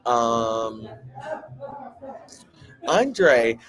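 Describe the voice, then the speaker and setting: A man's voice: medium pitch, big pitch swings, extremely slow, crowd noise. A man with a Southern US country twang hosting a casual, gossipy chat full of sassy asides. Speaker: host.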